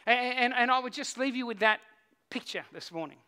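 High, bright pastor storytelling. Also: male voice, a little fast, clear, resonant tone. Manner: storytelling, swings from hushed to shouting. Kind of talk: sermon.

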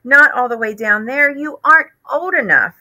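A woman's voice: high voice, animated, normal speed, pushed and bright, voice pushed up, heavily acted, low-quality recording. A woman doing a fretful mother mouse. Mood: anxious. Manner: anxious, pleading. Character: fussy, worried mother mouse.

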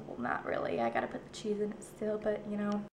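A woman's voice: mid-range voice, animated, fast, darkish tone, slight background noise. A teenage girl chatting casually as she films herself at home on a handheld camera, narrating what she does. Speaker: vlogger. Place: home kitchen, indoors.

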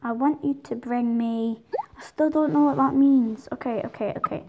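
A woman giving rambling, excitable commentary over her own gameplay, talking to herself as she plays. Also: a little high, normal speed, phone-quality sound, background noise. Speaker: gaming video creator.

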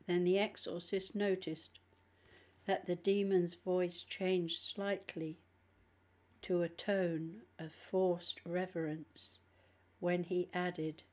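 A woman's voice: lowish voice, steady tone, dark tone. Woman with a cold reading an audiobook. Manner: slow, deliberate reading. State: has a cold, coughing. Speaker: audiobook narrator.

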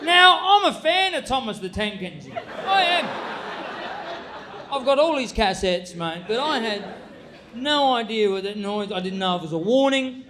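A man with an Australian accent doing stand-up comedy in an animated, shouting delivery. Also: extremely high pitch, moderate pace, crowd noise, background noise.

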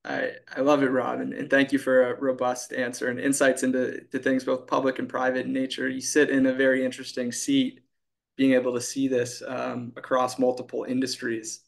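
A man moderating a panel, asking questions in a halting way with many fillers. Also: medium pitch, monotone, creaky.

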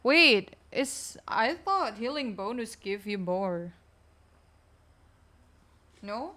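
A woman streaming a game, chatting casually with teammates in a low, weak, energy-saving way. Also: very animated, extremely slow, bright, forceful tone. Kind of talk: casual live-stream chat while gaming.

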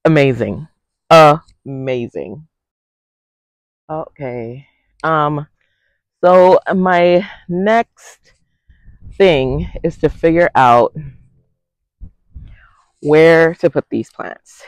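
A man chatting casually through a home garden vlog outdoors, excitable and talkative, often saying "y'all" while filming on a handheld phone. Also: fairly high pitch, extremely slow, long pauses, clear, resonant tone, no room sound. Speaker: garden vlogger.

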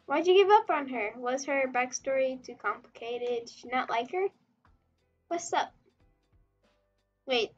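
A woman's voice: high-pitched, a little slow, pauses often, lo-fi sound, soft background music. A woman streaming while she draws, chatting casually and rambling as she reacts to chat, with frequent giggles. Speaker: webtoon artist streamer.

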